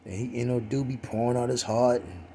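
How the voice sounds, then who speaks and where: A man's voice: medium pitch, brisk, warm tone, slight background noise. A man giving a casual religious talk in a streetwise, profane way, full of "you know" fillers.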